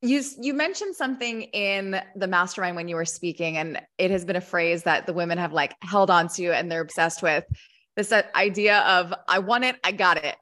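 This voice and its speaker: Bright-voiced woman hosting a podcast. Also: fairly low pitch, moderate pace. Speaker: host. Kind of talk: casual podcast interview.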